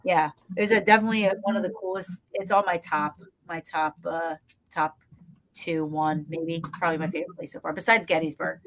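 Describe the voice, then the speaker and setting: A woman guest, a paranormal investigator, telling stories in a lively, casual way with lots of fillers. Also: on the low side, brisk, a little hiss or hum. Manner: animated storyteller, acts out scenes, frequent fillers. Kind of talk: casual storytelling interview.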